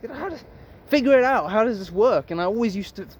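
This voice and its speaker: High-voiced man musing aloud. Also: animated, fast, slightly rough. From Harlow, Essex, England. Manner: rambling, musing, swears freely. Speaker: vlogger. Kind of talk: casual philosophical monologue.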